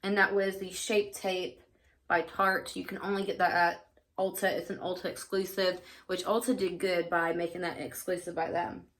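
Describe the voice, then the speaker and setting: A woman beauty vlogger chats casually and candidly as she goes through her makeup routine, using plenty of fillers in a get-ready-with-me style. Her voice is fairly low with little pitch movement, and she talks at a moderate pace.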